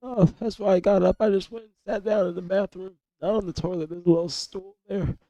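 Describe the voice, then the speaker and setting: A young man streaming live with a hoarse, cracking voice from illness, rambling and swearing in casual chat. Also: high-pitched, fairly even intonation, a little fast, dark tone, no room sound, dull audio. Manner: coarse, rambling, swears a lot, repeats himself.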